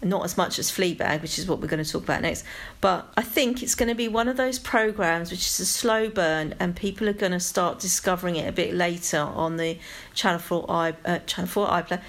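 A woman with a London accent, co-hosting a casual chat about television, rambling with animated asides. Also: on the low side, brisk. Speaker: podcast co-host.

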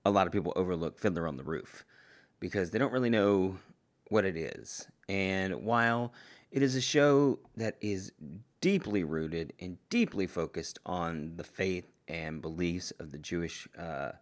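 Deep-voiced man musing on a podcast. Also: unhurried. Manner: rambling, self-correcting, enthusiastic. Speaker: podcast host. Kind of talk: casual solo podcast talk.

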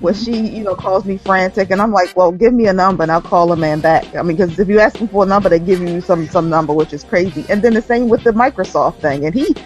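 A woman's voice: fairly low pitch, fast talker, few pauses, a little mellow, muffled recording, faint music behind. A woman in casual chat, emphatic and playful, laughing often.

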